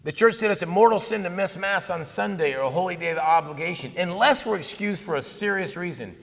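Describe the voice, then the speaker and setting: A man in his fifties giving a conversational, animated talk on Catholic faith at a conference, telling stories with asides. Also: high voice, a little fast, vocal fry. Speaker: conference speaker. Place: conference hall. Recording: long hall reverb.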